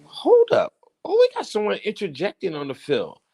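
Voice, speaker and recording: Wildly animated man hosting commentary. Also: high voice, brisk, gravelly. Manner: animated, teasing, theatrical swings between loud and hushed. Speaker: host. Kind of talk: casual current-events commentary.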